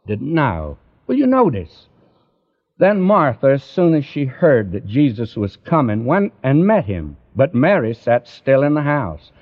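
A man preaching a sermon in a slow, emphatic cadence that rises and falls, directly addressing his listeners. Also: on the high side. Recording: dull lo-fi recording.

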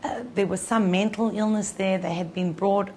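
A woman's voice: mid-range voice, steady tone, moderate pace, a little mellow, a little hiss or hum. A woman teaching Torah to a group, telling a personal story in a conversational way with frequent restarts.

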